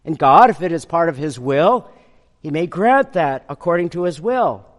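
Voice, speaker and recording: Man, preacher, sermon, emphatic scripture reading, high voice, long hall reverb. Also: animated. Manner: swings from slow emphatic reading of scripture to quick explaining. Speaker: pastor.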